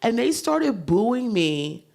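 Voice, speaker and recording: Woman comedian, fairly high voice, frank and animated panel storyteller, curses freely. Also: slow, gravelly, slight background noise. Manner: animated and frank, swears freely, laughs through her story. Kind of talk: candid storytelling on a live panel. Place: panel stage at a leadership summit.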